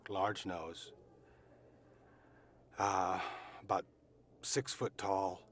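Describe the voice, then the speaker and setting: A middle-aged man recounting what he saw in a fairly low voice, earnest and emphatic, pausing and restarting as he goes. A faint hiss sits under the recording. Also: a bit bright. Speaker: eyewitness recounting events. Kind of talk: recorded eyewitness testimony.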